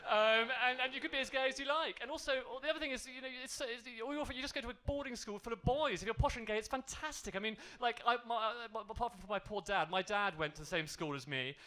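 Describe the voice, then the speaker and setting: A man's voice: very high voice, quick pace, few pauses, bright, forceful tone. A posh gay man doing a rambling stand-up set in a comedy club, full of ums and asides. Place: comedy club stage with audience.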